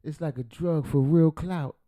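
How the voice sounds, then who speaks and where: This livestreamer takes his time, speaking unhurriedly in a fairly high voice as he reacts to videos. He jokes, curses and rambles, and his volume rises and falls sharply.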